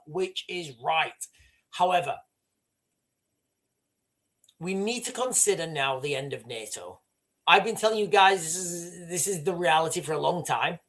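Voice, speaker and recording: A northern English man hosting a livestream, giving fast, rambling political commentary with many restarts. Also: sits high. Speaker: livestream host.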